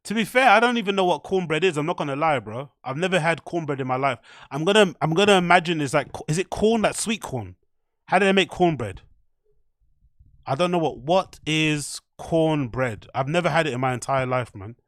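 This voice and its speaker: A man's voice: a little high, expressive, a little fast, a bit bright, dry recording, clean studio sound. A British man hosting a livestream reaction show, talking bluntly and rambling, with frequent swearing. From United Kingdom. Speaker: livestream host.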